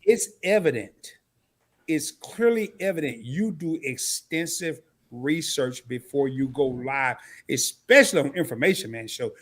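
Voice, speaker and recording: Animated man hosting a live stream. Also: mid-range voice, unhurried. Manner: animated storytelling, talks straight to the chat. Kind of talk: casual live stream chat. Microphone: camera mic.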